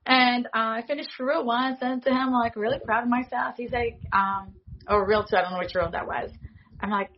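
A woman in her forties, a foley artist, telling stories in an animated way and acting out the dialogue she quotes. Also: on the high side, normal speed, dull audio, a little hiss or hum. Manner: animated, acts out quoted dialogue, laughs often. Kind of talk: casual interview storytelling.

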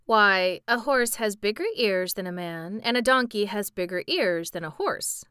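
Woman reading as a young boy, excitable, loud exclaiming, smooth, dry. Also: mid-range voice, normal speed, no room sound, close to an everyday voice. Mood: explaining.

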